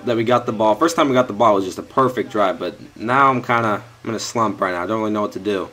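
A man's voice: lowish voice, fast talker, fairly bright tone. A young man commentating his own football video game, frustrated and swearing at his players, close to his mic. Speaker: gaming YouTuber. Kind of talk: live gameplay commentary. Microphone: headset or desk mic close to mouth.

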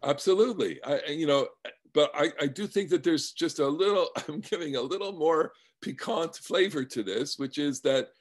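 A man's voice: on the high side, moderate pace. A male rabbi teaching a scripture class over a video call, explaining animatedly and often repeating words. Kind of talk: Torah lesson with discussion.

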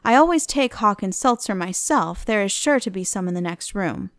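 Woman reading a petulant young gentleman. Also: mid-range voice, lively intonation, normal speed, no room sound, studio quality, close to an everyday voice. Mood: flippant. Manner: petulant, flippant.

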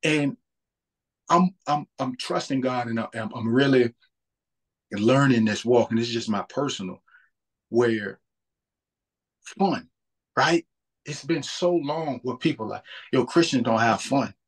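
Earnest husky man in his thirties. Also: mid-range voice, unhurried, pauses often. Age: 30s. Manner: earnest, repeats words while thinking. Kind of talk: casual faith talk.

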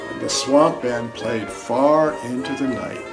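Man, author reading a children's story, slow unhurried pace, saxophone playing behind. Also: medium pitch. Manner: slow, expressive, doing character lines. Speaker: author reading his picture book. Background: saxophone music.

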